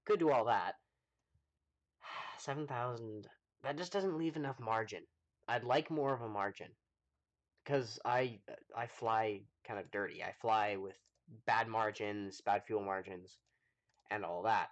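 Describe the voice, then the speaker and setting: A man's voice: fairly low pitch, unhurried, lo-fi sound. A man casually commenting on his gameplay during a live stream, thinking aloud with many ums and answering chat. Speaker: gaming livestreamer.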